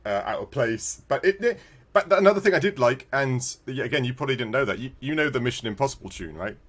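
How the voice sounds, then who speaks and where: A man's voice: mid-range voice, fast talker. A man co-hosting a podcast, chatting casually about retro games and telling stories with frequent laughter. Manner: animated, laughing storyteller. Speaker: podcast co-host.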